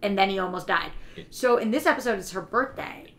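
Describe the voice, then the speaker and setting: A woman's voice: mid-range voice, brisk. Chatty woman gushing over TV shows. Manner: chatty, filler-heavy, gushes with excitement. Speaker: guest co-host. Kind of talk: casual podcast chat.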